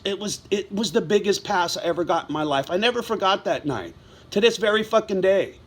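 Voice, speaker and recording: A man's voice: high voice, expressive, a little fast, a bit bright. A middle-aged man telling a story in a casual vlog monologue, blunt and heavy with swearing, wound up as he talks. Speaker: vlogger.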